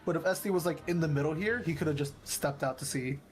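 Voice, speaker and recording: Man on voice chat, fairly high voice, calm hedging tactics talk. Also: fast, soft background music. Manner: hedging, full of "like", explains calmly. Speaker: raid teammate on voice chat. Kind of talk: casual strategy talk over voice chat.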